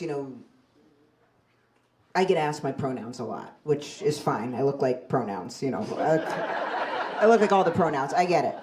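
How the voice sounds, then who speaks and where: A woman in her forties works a comedy club stage with a handheld mic, her voice sitting a little low. She tells stories in a loose, conversational way, wry and quick to poke fun at herself. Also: a little mellow. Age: 40s. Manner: wry, self-deprecating, conversational storytelling. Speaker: stand-up comedian. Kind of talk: stand-up comedy set.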